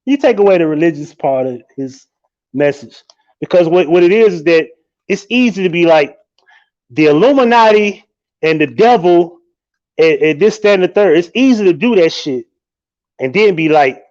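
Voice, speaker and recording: A man hosts a live stream and riffs in a loose, animated and profane way, laughing often. His voice sits a little high for a man. The audio is dull and lo-fi. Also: normal speed. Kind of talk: casual live-stream commentary.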